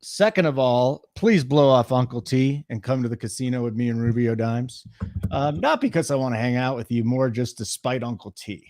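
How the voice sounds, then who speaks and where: A man in his forties co-hosting a sports betting show, trading crude deadpan jokes in casual chat. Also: mid-range voice, normal speed, no room sound, clean studio sound. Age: 40s.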